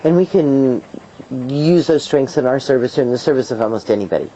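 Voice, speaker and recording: A middle-aged woman herbalist telling stories in an interview, lively and playful, acting out voices and laughing as she talks. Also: extremely low pitch, a little fast. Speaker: herbalist guest. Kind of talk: storytelling interview answers. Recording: dull lo-fi video sound, faint hiss.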